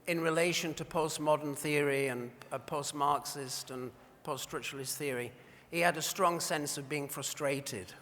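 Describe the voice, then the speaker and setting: In a large, reverberant banquet hall, a man presents an award during an after-dinner speech, telling wry anecdotes. His voice is mid-range with a fairly bright tone.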